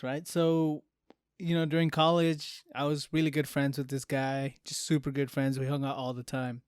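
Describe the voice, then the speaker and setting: A young man co-hosting a podcast, telling a story with animated, swearing delivery and acted-out quotes. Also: mid-range voice, moderate pace, smooth, no echo, clean studio sound. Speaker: podcast co-host. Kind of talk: casual chat.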